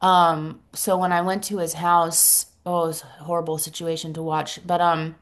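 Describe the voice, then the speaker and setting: A middle-aged woman sharing her story at a support meeting, earnest and reflective, pausing often and restarting her sentences. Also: on the low side, flat delivery. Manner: halting, earnest, reflective, many pauses and restarts. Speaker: recovery group member sharing.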